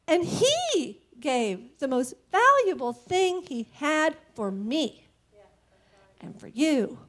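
A woman with a bright, high voice tells her story of faith in an earnest, emotional way. She sounds close to tears, and her voice stays open and heartfelt throughout. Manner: emotional and earnest, quick to laugh. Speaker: church member giving a testimony. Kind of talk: personal faith testimony.

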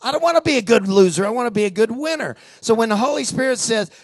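A man's voice: very high voice, expressive, quick pace, no echo. A man preaching a sermon in a conversational storytelling way, drawing the congregation in with questions and call-and-response.

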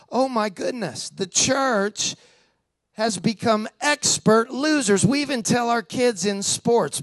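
An animated male preacher tells a story in a chatty, conversational way and keeps drawing the crowd in with questions. His voice sits high for a man. The recording is dry and close, with no room echo. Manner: animated, conversational, lots of call-and-response. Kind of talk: storytelling sermon.

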